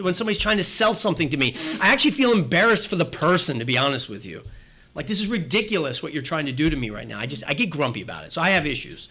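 A male pastor delivers a sermon in a church, his voice sitting a bit higher than most men's. He talks in an easy, conversational way, circling back on phrases and acting out small scenes for his listeners. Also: bright, forceful tone. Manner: conversational preaching with repeated phrases and acted-out asides.

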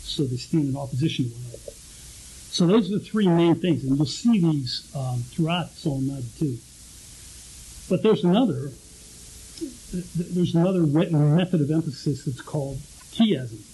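A man's voice: on the high side, animated, normal speed, mellow, a little hiss or hum, poor audio. A male pastor giving a conversational teaching sermon, often restarting and repeating words as he explains.

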